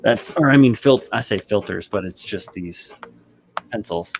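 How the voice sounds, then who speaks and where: Chill dude hosting a model-building stream, rambly, curses casually, soft background hum. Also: male voice, fairly low pitch, lively intonation, moderate pace, gravelly. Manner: laid-back, rambling, swears casually. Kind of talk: casual chat on a group stream.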